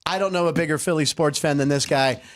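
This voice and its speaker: A man's voice: on the high side, fast. A man hosting a casual comedy sports podcast, laughing often and telling stories with energy. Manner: laughs often, animated storytelling. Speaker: host.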